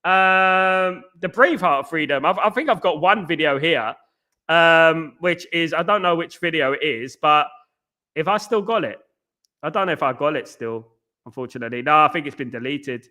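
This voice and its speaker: A man's voice: fairly high pitch, lively intonation, moderate pace, pushed and bright. A man hosting a casual live stream, reading out comments and answering in a rambling, jokey way that repeats phrases. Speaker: host.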